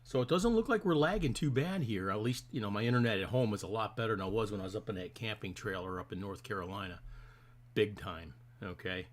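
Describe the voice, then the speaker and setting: A middle-aged man with a somewhat low voice hosts a casual live stream from his desk mic. He rambles in a friendly, easygoing way and greets each viewer by name as they arrive. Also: fast talker.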